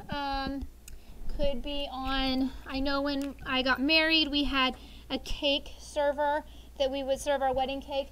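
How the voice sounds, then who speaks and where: A woman's voice: sits high, fairly bright tone, low-quality recording. A woman teaching a sixth grade vocabulary lesson, chatty, explaining words with everyday examples and checking in with "okay?".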